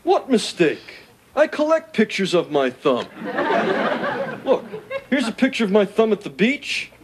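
A man voicing a wisecracking, self-pitying male alien in a 1980s sitcom, gravelly and nasal, sarcastic and melodramatic. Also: sits high, sing-song, unhurried. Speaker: sitcom character. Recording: noisy TV audio with studio laughter.

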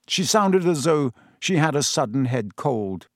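A man reading a story aloud as narrator in an expressive storytelling manner, close to the mic. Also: medium pitch, normal speed, hardly any pauses, dry recording. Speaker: audiobook narrator. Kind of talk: scripted narration.

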